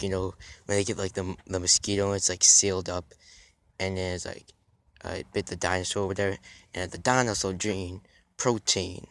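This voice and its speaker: Young male fitness vlogger, slightly low voice, casual and meandering, restarts a lot, recorded outdoors. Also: no room sound. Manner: halting, restarts often, drifts off topic. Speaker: fitness YouTuber. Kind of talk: rambling casual vlog talk.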